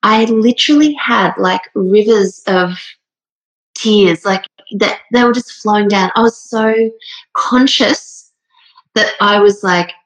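Taking her time, a woman in her thirties with a medium-pitched voice shares a personal story, rambling casually and earnestly with frequent fillers. She's emotional and nearly in tears throughout this heartfelt monologue. The recording is low quality.

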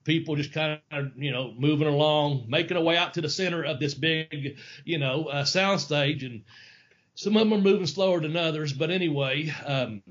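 Male podcast host, rambling and profane, pitched a bit high, dull lo-fi audio. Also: normal speed, a bit bright. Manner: profane, rambling, laughs often. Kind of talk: casual storytelling.

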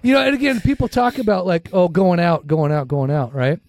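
A man's voice: high voice, brisk, a little mellow, no room sound, clean studio sound. A middle-aged man with a Minnesotan accent, co-hosting a recovery podcast in casual, blunt, heavily profane talk. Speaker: podcast co-host.

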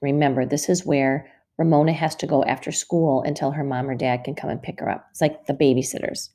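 A woman teacher reads a storybook aloud to a class of second graders. Her voice is low and brisk, and her pacing is clear and expressive.

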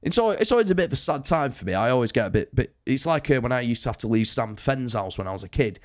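A man's voice: mid-range voice, animated, quick pace, no echo, clean studio sound. A young man telling a long, rambling road story in casual podcast talk, swearing freely. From United Kingdom. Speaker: touring band musician telling a story.

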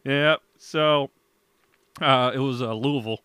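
A man's voice: mid-range voice, unhurried, sharp tone, smooth, no echo. A young man hosting a podcast, telling a story in casual chat, laughing often and swearing as he acts out his parents. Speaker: podcast host.

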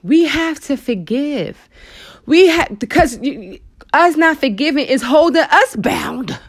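Her voice is high and she takes her time as host of a faith talk show. Speaking to listeners emotionally and conversationally, she calls them "girl" and "honey," and her lively Christian motivational preaching is peppered with asides and cries to the Lord.

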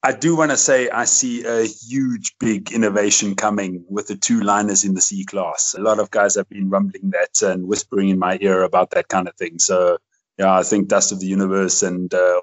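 A man's voice: low voice, low-quality recording. A man hosting a podcast interview, talking in an effusive, rambling way. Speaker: podcast host. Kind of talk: casual interview chat.

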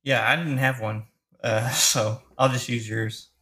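A man's voice: medium pitch, fairly even intonation, unhurried, pushed and bright, slight background noise. A man co-hosting a podcast, giving short laid-back replies in a casual film chat. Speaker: podcast co-host.

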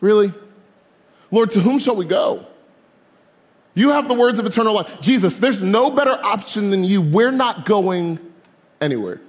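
A man voicing a loud, rambunctious young fisherman disciple, talking brash and slangy in a sermon retelling. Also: sits high, animated, moderate pace, pauses often. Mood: earnest. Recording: long hall reverb.

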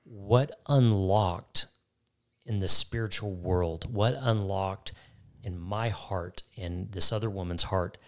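Man, very low voice, earnest co-host sharing testimony, emphatic repetition. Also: slow pace, fairly bright tone. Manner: earnest, emphatic, repeats phrases for weight. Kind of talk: faith talk, personal testimony.

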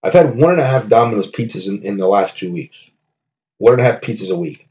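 A man's voice: on the low side, lively intonation, fairly quick, a little mellow, muffled recording. A man hosting a solo comedy podcast, rambling and joking with lots of profanity. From New Jersey. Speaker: podcast host. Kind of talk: casual comedy monologue.

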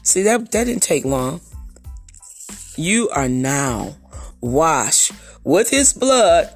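A woman's voice: deep voice, big pitch swings, very slow, faint music behind. A woman preaching a sermon, emphatic and rhythmic, repeating key phrases.

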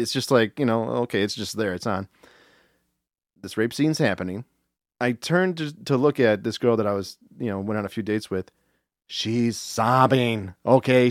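A man's voice: mid-range voice, no echo, studio quality. A man in his thirties, a podcast co-host telling a story in casual chat, rambling, profane and self-mocking.

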